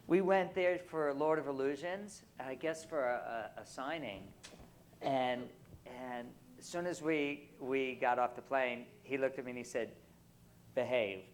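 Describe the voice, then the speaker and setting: A man on stage at a convention Q&A, a publicist telling anecdotes in an animated, teasing way with frequent laughs. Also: mid-range voice, a little slow. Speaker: guest speaker, publicist. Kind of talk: casual convention Q&A storytelling.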